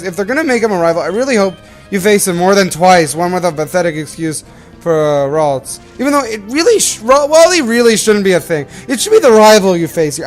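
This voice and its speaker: A young man from Canada giving rambling, self-correcting commentary while hosting a game playthrough. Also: sits high. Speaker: let's play host. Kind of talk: casual gameplay commentary.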